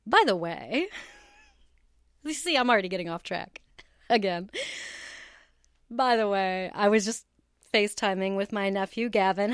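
A woman's voice: medium pitch, measured pace, pauses often, clear, resonant tone, dry recording, clean studio sound. A woman hosting her own podcast, chatting casually and bubbly, laughing often as she talks. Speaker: podcast host. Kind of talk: casual solo podcast chat. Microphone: headphones with cable, home recording setup.

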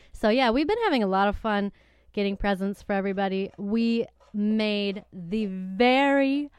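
A woman's voice: mid-range voice, smooth, no room sound. Bubbly giggly woman podcast host. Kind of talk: casual chat. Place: home. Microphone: desk microphone.

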